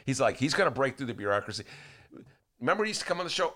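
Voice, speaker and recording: A man's voice: medium pitch, very fast. A man hosting a radio talk show, chatting casually, rambling and restarting as he goes. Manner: rambling, animated, with frequent restarts.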